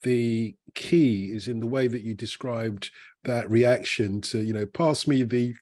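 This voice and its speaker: A man's voice: fairly low pitch, fairly even intonation, a little slow, a little mellow. A man co-hosting a casual football chat podcast, reflective, working his way around each point. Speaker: podcast co-host.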